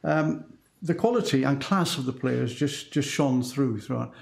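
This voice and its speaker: A man's voice: medium pitch, measured pace, vocal fry, a little mellow, reverberant. A man giving thoughtful commentary on a band performance as an adjudicator.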